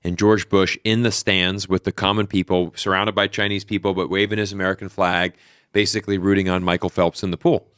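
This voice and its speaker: Animated man with a low voice. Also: a little fast, clear, resonant tone, dry recording, clean studio sound. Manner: animated storyteller, many fillers and restarts. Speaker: podcast guest. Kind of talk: casual interview chat.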